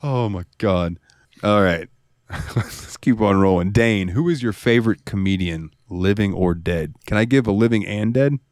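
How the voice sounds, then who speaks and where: A man co-hosting a podcast in casual chat, excitable, swearing freely and laughing often. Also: lowish voice, normal speed, dry recording, studio quality. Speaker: podcast co-host.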